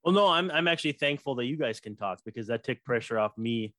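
A man's voice: medium pitch, animated, fast talker, bright, forceful tone, dry recording, clean studio sound. A man hosting a podcast, asking a guest questions in a friendly, conversational way. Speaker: podcast host. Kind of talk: casual interview questions.

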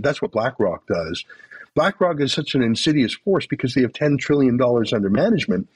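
A man speaking as an interview guest, emphatic and rapid, with mocking asides. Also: medium pitch, big pitch swings, slightly rough, no echo. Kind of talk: impassioned political commentary.

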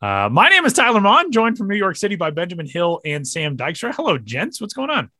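A man hosting a casual podcast, joking around and quick to laugh. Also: high-pitched, no echo. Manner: jokey, animated, quick to laugh. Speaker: podcast host.

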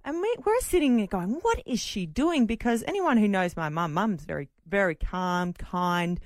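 A woman hosting a radio show, telling an animated story in casual chat. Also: lowish voice, moderate pace, no room sound, studio quality. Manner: lively, animated storytelling with acted-out quotes. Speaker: radio host.

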